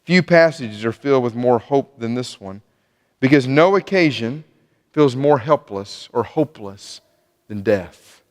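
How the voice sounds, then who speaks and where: A man's voice: medium pitch, expressive, a little slow. A man preaching a sermon in a church, earnest, often restarting and repeating words as he speaks. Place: church sanctuary. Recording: long church reverb.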